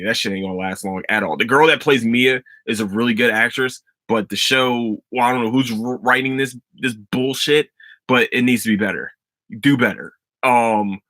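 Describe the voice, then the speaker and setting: A young man hosting a casual solo podcast, ranting about a TV finale in a profane, excitable, rambling way full of restarts. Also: mid-range voice, no room sound. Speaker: podcast host.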